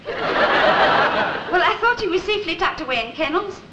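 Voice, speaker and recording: An actress playing a sweet, gently teasing office secretary in a 1960s British sitcom. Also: female voice, extremely high pitch, lively intonation, normal speed, echoey room, heavy background noise. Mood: sympathetic. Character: kindly young office secretary. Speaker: Miss Sinclair, office secretary.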